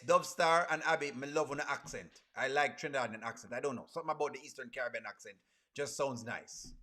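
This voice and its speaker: A man's voice: high voice, sharp tone. A man hosting a casual livestream, reacting to clips and reading chat aloud with a playful manner and frequent laughter. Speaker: reaction streamer.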